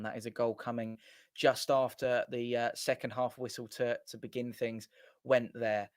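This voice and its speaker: A man's voice: medium pitch, clear, resonant tone, dry recording. A man hosting a fan watchalong, giving casual live match commentary in a chatty, rambling way and often correcting himself. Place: small home studio.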